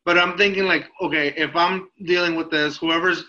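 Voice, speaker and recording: A man's voice: a little high, steady tone, moderate pace, pushed and bright, lo-fi sound. A man hosting a podcast, a teacher, talking in a hesitant way and searching for his words. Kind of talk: casual podcast interview.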